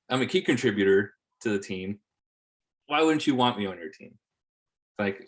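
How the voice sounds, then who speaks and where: A man in his thirties, a podcast guest, telling stories in casual chat, swearing and repeating words as he goes. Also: fairly low pitch. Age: 30s.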